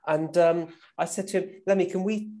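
Animated man telling stories. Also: high-pitched, moderate pace. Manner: animated, adds "right?" often, laughs while telling stories. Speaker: guest musician. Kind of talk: casual storytelling.

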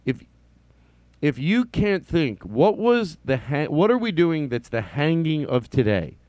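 With a voice on the high side and a little mellow, a comedy podcast host talks very animatedly yet unhurriedly, with no room sound. His casual monologue wanders into tangents, and he restarts lines and chuckles as stories unfold.

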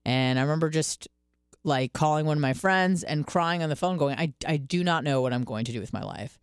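A woman in her twenties hosting a radio podcast, telling candid stories in a casual, profane, animated way. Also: sits low, brisk, clear, resonant tone, dry recording, clean studio sound. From Michigan, US. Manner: candid, profane, animated storytelling with quoted self-talk. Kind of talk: casual monologue.

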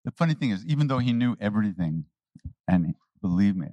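A man telling stories to a live audience on a handheld mic, animated, laughing and often restarting his sentences. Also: fairly low pitch, brisk, dry recording, dull audio. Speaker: spiritual teacher answering questions. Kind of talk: anecdotal storytelling talk. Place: talk before a live audience. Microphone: handheld microphone.

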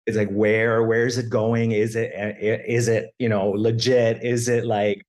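A man's voice: fairly low pitch, unhurried. A man in his thirties from Canada, telling his story as a podcast guest, with lots of restarts and acted quotes of his family. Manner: animated, quotes family in raised voice. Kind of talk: conversational storytelling.

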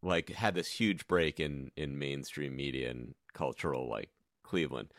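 Bright, dry-sounding man musing aloud. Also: extremely low pitch, moderate pace, no echo. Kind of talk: casual interview.

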